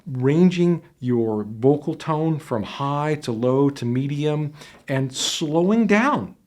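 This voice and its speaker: A man's voice: a little high, animated, slow, darkish tone. Man coaching on job interviews. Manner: conversational, demonstrates voice changes while explaining. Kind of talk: instructional talk to camera. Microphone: headset microphone.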